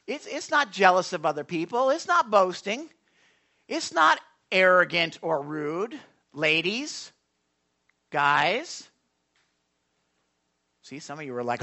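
A man preaching a sermon as pastor, lively and conversational, teasing and questioning his congregation. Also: on the high side. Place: church before a congregation.

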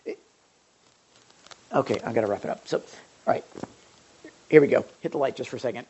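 Brief: energetic pastor mid-sermon, mid-range voice, repeats for emphasis. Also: medium pitch, brisk, vocal fry, slightly rough. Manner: animated, repetitive emphasis with restarts. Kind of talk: sermon with Bible reading.

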